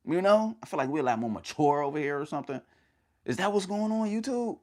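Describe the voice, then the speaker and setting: A man hosting a casual livestream, energetic and slangy, giving motivational talk in short punchy bursts and calling his viewers fam. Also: a little high, fast talker.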